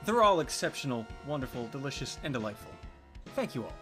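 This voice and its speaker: A man's voice: medium pitch, very animated, quick pace, over music. A man in casual livestream chat, sarcastic and crude. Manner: sarcastic, crude, wildly swinging intonation.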